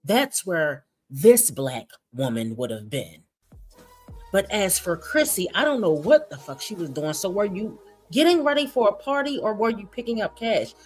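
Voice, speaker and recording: A woman's voice: mid-range voice, big pitch swings, moderate pace, slightly rough, faint music behind. A woman streamer giving sarcastic, gossipy commentary on clips she plays. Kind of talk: reaction commentary.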